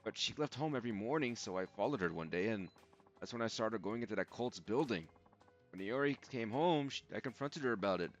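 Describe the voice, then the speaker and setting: Brief: man voicing anxious pleading mother, pitched up, lo-fi with game music under it. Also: lively intonation, a little fast, close to an everyday voice. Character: middle-aged woman, worried pleading mother. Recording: dull lo-fi audio with game music.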